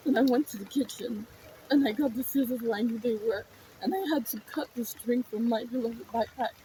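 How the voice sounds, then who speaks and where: A woman's voice: on the high side, steady tone, fairly quick, mellow, a little hiss or hum, poor audio. A woman telling a personal story in a raw, emotional, profane way.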